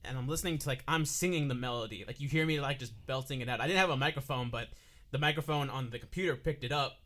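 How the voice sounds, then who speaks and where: A man's voice: mid-range voice, quick pace, a bit bright. A man co-hosting a podcast in casual chat, rambling with many "like"s as he tells a story. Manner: rambling, heavy use of "like". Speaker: podcast co-host.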